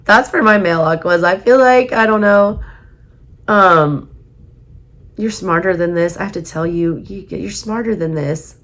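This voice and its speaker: A woman with a Southern US accent giving a casual tarot reading, emphatic and repeating her points, her voice going hoarse. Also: on the low side, measured pace, a bit bright. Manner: emphatic, repeats herself, urging viewers. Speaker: tarot reader.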